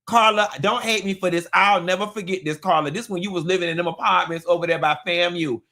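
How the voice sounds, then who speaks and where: A man hosting a live gossip talk show, sassy and animated, with sudden squealing jumps in pitch. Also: fast. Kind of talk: live-stream gossip commentary.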